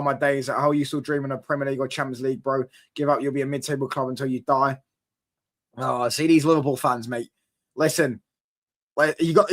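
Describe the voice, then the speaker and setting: A young man hosting a casual football live stream, talking in an animated way to his chat, full of fan slang and repeated "do you get what I'm saying". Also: on the high side.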